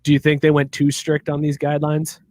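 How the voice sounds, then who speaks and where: A young man with a slightly high voice, co-hosting a loose, jokey podcast chat. He laughs easily and ribs his friends while asking about hockey news. The delivery is casual and conversational. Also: monotone, brisk, darkish tone, no room sound, clean studio sound. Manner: joking, laughs often. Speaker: podcast co-host.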